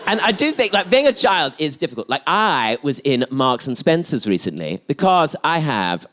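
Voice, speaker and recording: A man's voice: on the high side, very animated, moderate pace, fairly bright tone, some chatter behind. A man doing stand-up storytelling, camp and arch with spiteful asides. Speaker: stand-up comedian. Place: comedy venue stage. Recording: noisy live club recording.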